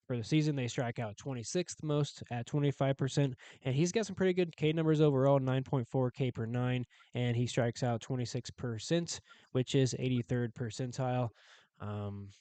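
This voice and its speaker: Brief: male betting co-host, smooth resonant tone, dry close sound, laid-back stat talk. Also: medium pitch, moderate pace, no echo. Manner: relaxed, stat-heavy, filler "um". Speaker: sports betting podcast co-host. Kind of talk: casual sports betting chat.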